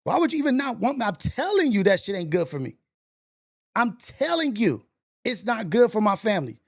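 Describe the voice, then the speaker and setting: Forty-something male streamer, animated and gravelly, loose casual chat. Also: sits high, a little fast. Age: 40s. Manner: animated, swearing, laughing, exaggerated reactions. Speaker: livestream host.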